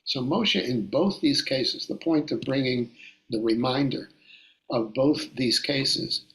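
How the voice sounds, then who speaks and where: Man teaching torah study, gravelly voice, slow and careful, keeps repeating himself. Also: medium pitch, a bit bright, rough recording. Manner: deliberate, repeats and restarts phrases. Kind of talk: Bible study lecture.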